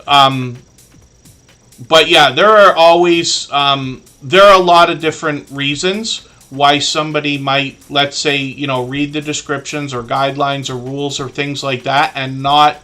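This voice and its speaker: A man's voice: on the high side, measured pace, sharp tone. A man hosting a live stream, talking casually and earnestly to his chat with many fillers and asides.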